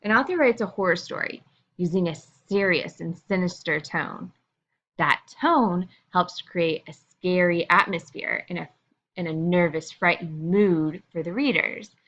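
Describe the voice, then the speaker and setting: A woman's voice: lowish voice, unhurried, a bit bright, muffled recording. A woman teacher explaining a lesson to her students in a casual, chatty way, with frequent fillers.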